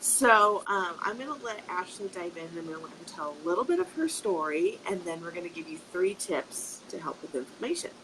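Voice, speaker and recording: A woman's voice: fairly low pitch, lively intonation, brisk, few pauses, background noise. A woman co-hosting a live health stream, talking casually and explaining with everyday examples from home. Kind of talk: casual live video talk. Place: home in Colorado.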